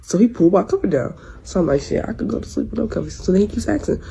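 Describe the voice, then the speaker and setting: A woman's voice: lowish voice, expressive, fast talker, gravelly, hardly any pauses, warm tone, husky, rough recording. A young woman in her twenties telling a rambling story in casual slang, restarting her sentences often. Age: 20s. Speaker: storyteller in a clip.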